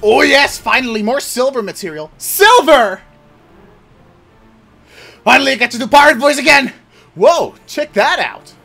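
A young man giving exasperated gameplay commentary and yelling at the game. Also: very high-pitched, expressive, moderate pace, gravelly, pauses often, faint music behind. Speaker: gaming channel host.

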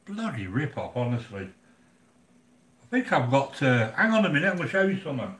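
A man's voice: mid-range voice, sing-song, fairly quick, a bit bright, reverberant. An older English man hosting a live cooking channel, chatting casually and bluntly with viewers, grumbling and joking as he goes. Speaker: livestream cooking channel host.

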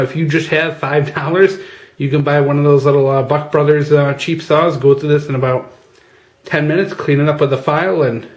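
A man hosting a casual how-to demonstration, chatty and informal, often calling viewers "guys" and using plenty of fillers, recorded outdoors. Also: a little high. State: out of breath at times. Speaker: channel host. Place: outdoors at a workbench. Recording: echoey with faint ambient noise.

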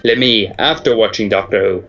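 A man's voice: fairly low pitch, fairly quick, a bit bright. A man co-hosting a let's play, chatting casually and adding dry, wry asides. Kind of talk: casual gaming commentary. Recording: dull lo-fi mic, faint music.

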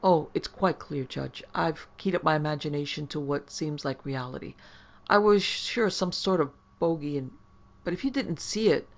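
A woman voicing a frightened, thin man haunted by a ghost, talking in excitable bursts in an audiobook reading. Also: low-pitched, normal speed. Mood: agitated. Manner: jittery, excitable, voice rising.

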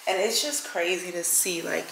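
A woman's voice: fairly low pitch, moderate pace, gravelly, a bit bright. A young woman vlogging to camera in an airport terminal, rambling and slangy in a casual chat. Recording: noisy public terminal. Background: airport announcements and bustle.

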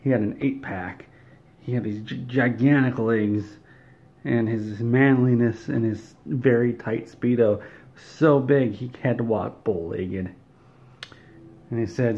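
A man telling an absurd comic story in a deadpan monologue, correcting himself as he goes. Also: medium pitch, slow pace, highs cut off. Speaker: comedic storyteller. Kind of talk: comedic monologue.

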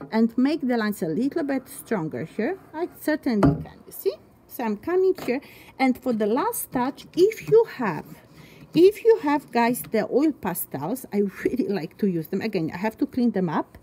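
A woman's voice: on the high side, dark tone, slight background noise. A woman art teacher giving a chatty, encouraging step-by-step drawing demonstration, thinking aloud as she works.

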